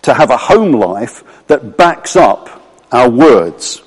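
A man preaching a sermon, earnest and emphatic, slowing down when he quotes scripture. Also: mid-range voice, big pitch swings, breathy edge. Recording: long hall reverb.

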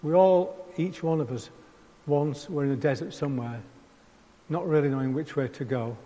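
A man's voice: fairly high pitch, normal speed, dark tone. A man preaching a conversational sermon, acting out prayers in the first person. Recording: long hall reverb.

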